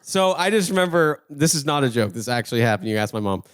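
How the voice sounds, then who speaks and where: A man's voice: mid-range voice, lively intonation, fast, a bit bright, smooth. A young man co-hosting a podcast, telling a story in casual chat, swearing often and laughing as he goes. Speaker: podcast co-host.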